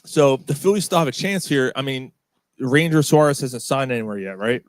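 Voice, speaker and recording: A podcast co-host with a mid-range voice talks briskly, recorded with no echo. He's animated and loose in casual sports chat, swearing freely.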